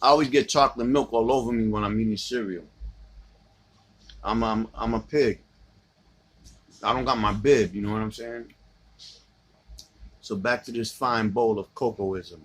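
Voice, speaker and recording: Male vlogger, husky mid-pitched voice, playful slang, flirty low asides to his cereal. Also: unhurried, long pauses, fairly bright tone. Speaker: vlogger eating cereal on camera. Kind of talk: casual mukbang vlog.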